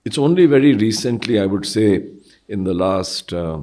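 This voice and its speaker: A man, speaking as an interview guest in a thoughtful, hesitant way with many pauses and fillers. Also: on the low side, lively intonation, warm tone. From India. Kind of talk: reflective interview conversation.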